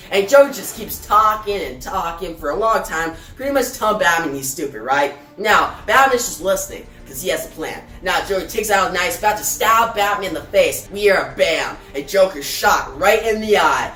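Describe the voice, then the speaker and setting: A man's voice: a little high, animated, fairly quick, pushed and bright. A man casually recapping a comic book story, chatty and full of fillers like "pretty much" and "right?". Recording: roomy echo, distant from the mic, faint music behind.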